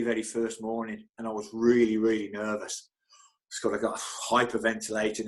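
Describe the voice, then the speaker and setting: A middle-aged man, a football club physio, chatting as an interview guest, telling stories animatedly with frequent stumbles, restarts and chuckles. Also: mid-range voice. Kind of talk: casual anecdotal storytelling.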